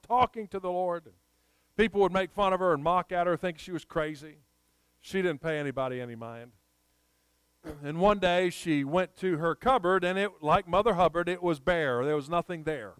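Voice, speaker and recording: A middle-aged pastor preaches with a high, smooth, resonant voice, close and dry on the mic. He tells folksy stories and moves into earnest prayer. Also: no echo, low-quality recording. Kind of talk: sermon with storytelling and scripture reading.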